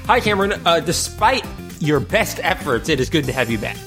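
A man's voice: fairly high pitch, sing-song, brisk, over music. A man hosting a video game podcast, bantering playfully with his co-hosts in mock exasperation and laughing often, on a mic with a pop screen. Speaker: podcast host. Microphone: studio mic with pop screen.

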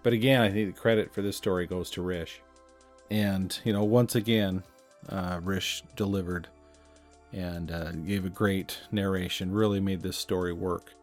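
A man's voice: deep voice, fairly even intonation, moderate pace, soft background music. A man hosting a podcast, talking in a reflective, conversational way and chuckling at himself now and then. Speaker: podcast host. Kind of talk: casual chat.

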